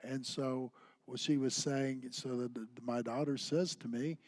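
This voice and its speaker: A man co-teaching a church class who shares personal stories in an animated, conversational way. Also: medium pitch, unhurried, no echo. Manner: anecdotal, animated storyteller.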